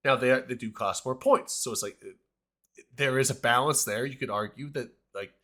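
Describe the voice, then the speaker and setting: A man's voice: mid-range voice, normal speed, pushed and bright. Hesitant rambling man hosting a chat. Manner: rambling, hesitant, many restarts. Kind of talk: casual panel discussion.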